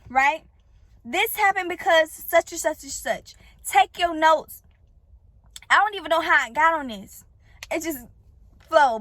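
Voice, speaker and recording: A woman with a very high voice gives an earnest, preachy motivational talk about faith to her viewers. The sound is dry and close. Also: bright, forceful tone, dry recording. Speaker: vlogger giving encouragement.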